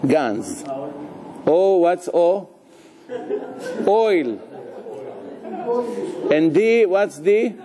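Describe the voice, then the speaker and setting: This man's voice sits high as he draws out his words and leaves long pauses during a live Torah talk, with crowd noise audible. The rabbi jokes, engages listeners with questions, and sprinkles Hebrew into his speech.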